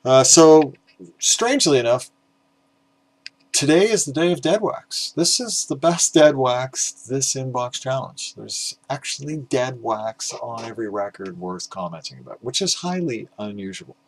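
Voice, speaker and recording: A man's voice: mid-range voice, animated, a little slow. A tired, middle-aged man rambling casually in a self-deprecating way, filled with "uh"s, while presenting records for his vinyl collecting video. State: exhausted, up at five in the morning.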